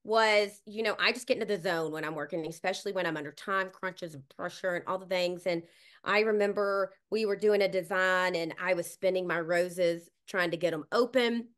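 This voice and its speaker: A woman's voice: on the low side, a little fast, fairly bright tone. A woman in her forties, a guest florist, telling stories in a casual interview in a blunt, chatty, self-mocking way. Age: 40s.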